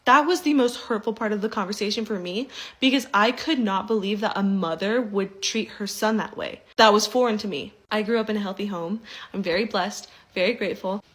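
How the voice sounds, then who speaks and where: A young woman casually telling a personal story, animated and mimicking the people she quotes. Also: medium pitch, fairly quick, hardly any pauses, poor audio.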